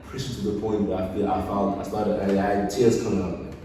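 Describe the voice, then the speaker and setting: A man, a guest on a podcast, telling stories in casual chat and swinging from quiet to loud as he goes. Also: low voice, little pitch movement, fast talker, far from the mic, noisy background. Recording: echoey room, speaker off-mic.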